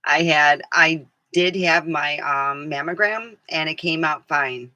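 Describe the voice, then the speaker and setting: A woman's voice: deep voice, slow pace, pushed and bright, no echo. A middle-aged woman vlogging in a casual, rambling chat, who laughs often and acts out the things people said.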